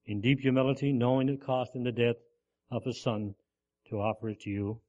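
A man's voice: mid-range voice, fairly even intonation, fairly quick, warm tone, lo-fi sound, pitched below the performer's own voice, natural voice. A man voicing a missionary in a sermon story, speaking firmly and sincerely. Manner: firm, sincere. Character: male missionary, determined and humble.

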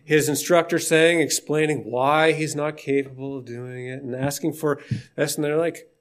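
A man's voice: fairly high pitch, steady tone, moderate pace. A man preaching an informal sermon in a conversational, emphatic way.

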